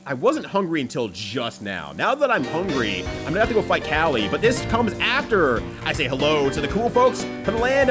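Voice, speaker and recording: A young man chats with his viewers while racing, his voice swinging up and down in lively, animated pitch. He swears freely and laughs easily in a loose, casual way. Soft background music plays faintly underneath. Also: moderate pace. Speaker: streamer. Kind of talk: casual game-streaming chat.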